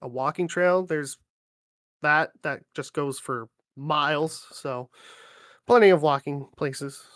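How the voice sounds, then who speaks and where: A man, a livestream guest chatting in a relaxed, rambling way with many fillers. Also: fairly high pitch, slow pace, no room sound, studio quality. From Ontario, Canada. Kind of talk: casual chat on a livestream.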